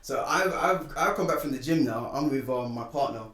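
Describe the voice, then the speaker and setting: A man's voice: medium pitch, fairly quick. A man casually telling a personal story on a podcast, acting out what people said. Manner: animated, acts out quoted lines. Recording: echoey room, distant mic.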